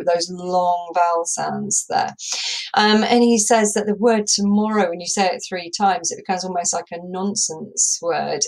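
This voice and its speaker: A woman English teacher giving a recorded lesson over slides, explaining step by step and tapping out rhythms aloud with frequent ums. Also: fairly low pitch. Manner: explanatory, says "um" a lot, taps out rhythms aloud.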